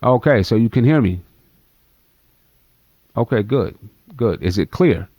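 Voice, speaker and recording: A man's voice: lowish voice, expressive, unhurried, a little mellow, dry recording, lo-fi sound. A man hosting a live postgame basketball stream, chatting straight to his viewers. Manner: chatty, addresses viewers directly. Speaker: fan livestream host.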